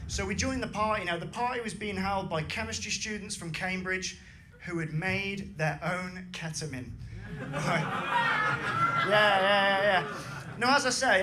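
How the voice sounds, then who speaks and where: A young Englishman does stand-up with a high, bright-edged voice and a brash, swearing punch to every line. He is recorded live on a club stage, and clear room noise and laughter sit under him. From England. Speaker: stand-up comedian. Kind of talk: stand-up set.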